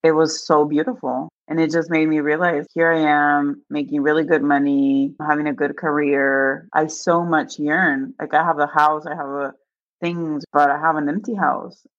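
Here a guest, a woman whose voice sits low, tells her personal story openly at a moderate pace. She acts out the voices in it with animation and laughter, and the dull, lo-fi, dry sound carries no echo.

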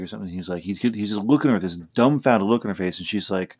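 Talking fast with few pauses, a man with a fairly low, darkish voice hosts a podcast as a casual rambling monologue. He speaks loosely and restarts often, strumming faint guitar himself underneath.

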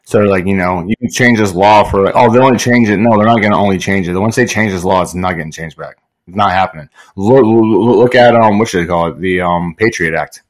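A low-voiced man talking casually on a podcast. He rambles and swears a lot, piling up fillers as he goes. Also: a little fast. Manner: profane, rambling, lots of fillers. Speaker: podcast co-host.

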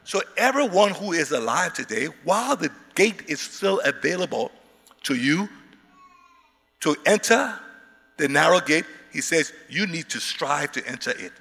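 Male preacher, bright high voice, shouts for emphasis, reverb-heavy hall. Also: very animated, a little slow, creaky, husky. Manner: emphatic, repeats words, rises into shouts. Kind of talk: sermon.

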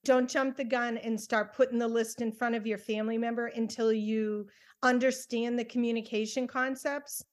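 A woman's voice: a little high, level tone, moderate pace. A woman co-hosting a podcast, cautioning families in an advising tone. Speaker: podcast co-host, family recovery coach. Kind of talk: casual podcast discussion.

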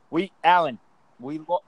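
A man's voice: fairly high pitch, takes it slowly, highs cut off, a loud crowd. A man bantering bluntly with friends on a call, cursing freely and teasing. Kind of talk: casual banter.

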